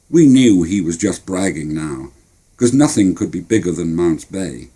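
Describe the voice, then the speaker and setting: Older Cornish man, wry storyteller, dark husky voice. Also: low-pitched, expressive, a little slow. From Cornwall. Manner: wry, plainspoken. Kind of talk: storytelling memoir narration.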